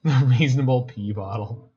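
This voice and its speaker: A man's voice: mid-range voice, normal speed, mellow, husky, lo-fi sound. Wry man streaming a card game. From Canada. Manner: wry, joking, answers chat. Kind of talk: casual gameplay commentary.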